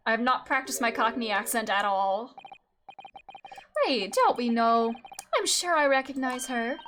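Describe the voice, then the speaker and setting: A woman's voice: fairly high pitch, expressive, normal speed, long pauses, sharp tone, a little hiss or hum. A woman streamer chatting casually and reacting aloud while playing a video game. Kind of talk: casual gameplay commentary. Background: game music.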